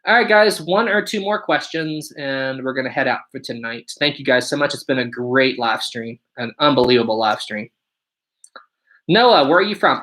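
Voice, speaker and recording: A man's voice: medium pitch, normal speed, pushed and bright, low-quality recording. A man in his twenties hosting a casual livestream, upbeat and chatty, answering viewer questions and thanking his audience. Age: 20s. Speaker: livestream host.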